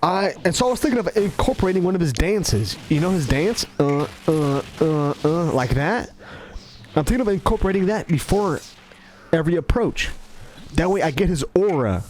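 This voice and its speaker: A man rambling in casual commentary, animated and self-mocking. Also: sits high, fairly quick, slight background noise. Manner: animated, self-mocking, acts out his own lines. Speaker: gaming commentator.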